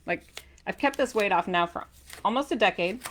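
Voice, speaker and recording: A middle-aged woman, an author talking animatedly to camera about her diet, playful and given to loud emphatic bursts. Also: medium pitch, expressive, normal speed, a little hiss or hum. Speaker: author and keto diet coach. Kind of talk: energetic talk to camera.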